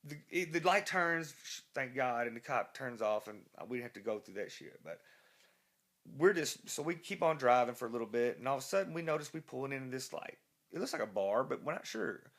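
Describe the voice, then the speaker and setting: A man's voice: mid-range voice, animated, a little fast, a bit bright. A man, a rock musician being interviewed, telling a rambling, profane anecdote full of restarts. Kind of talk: casual storytelling interview.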